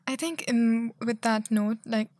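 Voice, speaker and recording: A young woman in her early twenties from Kashmir, chatting casually and telling a lively story on a student podcast, acting out other people's lines. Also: fairly high pitch, a little slow, dry recording. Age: early 20s. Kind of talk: casual chat.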